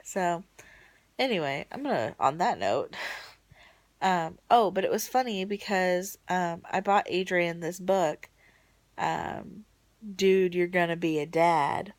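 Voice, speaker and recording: A woman talks slowly through a casual, emotional video diary at home late at night, rambling as she veers between bright excitement and quiet murmurs. The recording carries no room sound.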